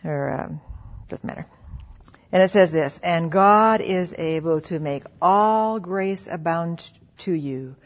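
A middle-aged woman preaching a devotional sermon, earnest and intimate, sometimes dropping to a soft hush. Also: fairly low pitch, slow pace. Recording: slightly dull lo-fi recording.

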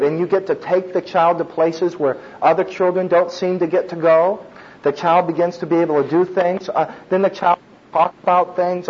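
A middle-aged man preaches in a loose, talkative way, tossing in asides and short laughs. His voice sits a little high for a man and sounds husky, and the recording is dull and muffled. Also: darkish tone. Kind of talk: sermon on child discipline.

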